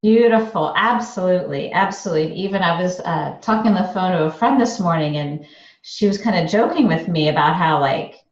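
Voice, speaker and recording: A woman podcast host talks through her own stories with lots of energy, voicing the people in them as she goes. Her voice sits a little low. The recording is distant and echoey, with a muffled, lo-fi tone. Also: fairly quick. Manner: animated storyteller, acts out quoted dialogue. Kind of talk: casual interview chat. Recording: roomy, distant, dull-sounding mic.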